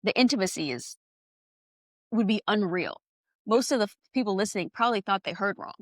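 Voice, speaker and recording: A woman's voice: mid-range voice, lively intonation, fairly quick, dry recording, studio quality. A woman co-hosting a conversational Bible study podcast, speaking in an enthusiastic, affirming, chatty way. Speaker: podcast co-host.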